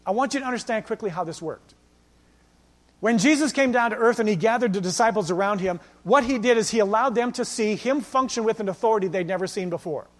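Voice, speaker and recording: A male pastor preaching a sermon, telling stories in a lively way and acting out the lines he quotes. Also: sits high, fast talker. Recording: long reverb of a church hall.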